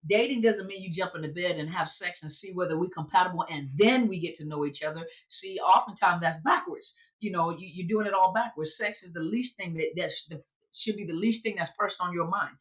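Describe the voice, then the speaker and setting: A woman's voice: lowish voice, a little fast. Woman therapist talking conversationally. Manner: conversational, repeats phrases for emphasis. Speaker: therapist and abuse-recovery coach. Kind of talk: informal teaching talk.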